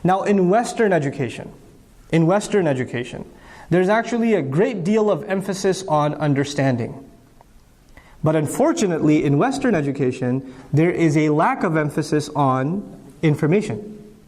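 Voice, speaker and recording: A man gives a religious lecture in a fairly high voice. He poses rhetorical questions and answers them himself, repeating key words for emphasis. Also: lively intonation, moderate pace, a little mellow. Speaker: Islamic speaker.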